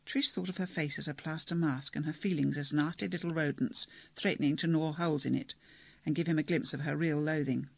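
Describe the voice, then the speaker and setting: Male audiobook narrator, measured and wry, gravelly and husky. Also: fairly high pitch, steady tone, no echo. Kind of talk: scripted narration.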